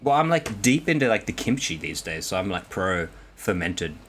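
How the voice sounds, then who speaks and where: A man's voice: deep voice, very animated, normal speed, fairly bright tone, a little hiss or hum. A man co-hosting a podcast in casual banter, calling in from abroad, jokey and playful with loose fillers. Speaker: podcast co-host. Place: abroad in Korea, calling in remotely.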